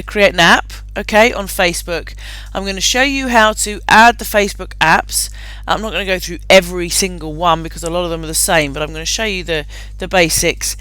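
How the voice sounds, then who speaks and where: Bright, chatty woman hosting a webinar. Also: fairly low pitch, no echo. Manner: upbeat, chatty, with frequent laughter and fillers. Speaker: webinar host. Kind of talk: live online webinar presentation.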